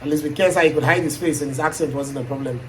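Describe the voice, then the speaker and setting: A man's voice: a little high, fairly even intonation, racing, fairly bright tone, faint music behind, poor audio. A Nigerian-accented man thinking aloud in a casual, reflective chat, trailing off into asides as he muses. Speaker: aspiring YouTuber.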